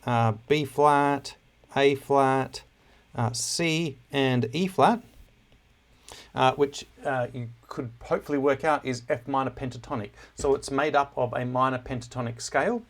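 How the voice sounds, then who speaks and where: A man giving a relaxed music lesson, with many filler words and self-deprecating asides. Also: medium pitch, measured pace. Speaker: music teacher. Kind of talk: casual classroom lesson on music analysis.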